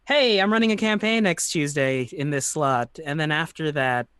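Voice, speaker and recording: Tired, halting man gamer. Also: a little high, fairly bright tone, clean tone, no room sound. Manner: halting, loses his place. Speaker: tabletop game player. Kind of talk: casual chat.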